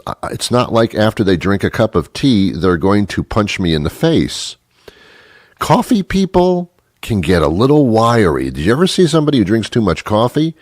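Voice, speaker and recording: A man's voice: sits low, no room sound, studio quality. A man hosting a radio show, delivering a wry, rambling comic monologue with playful asides.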